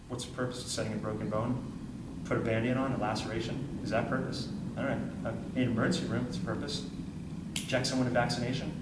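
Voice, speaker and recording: A man's voice: lowish voice, heavy background noise. Emphatic man telling a story, far off in an echoey room. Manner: emphatic, repeats phrases, acts out quoted dialogue. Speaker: trainer. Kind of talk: animated storytelling talk to a group. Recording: roomy sound from far off with faint ambience.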